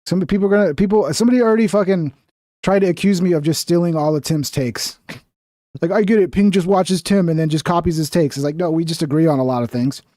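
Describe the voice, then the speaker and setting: Male streamer, high voice, dry sound; blunt, profane, rambling. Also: fast talker, dark tone, no room sound. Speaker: livestream host. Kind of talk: casual livestream commentary.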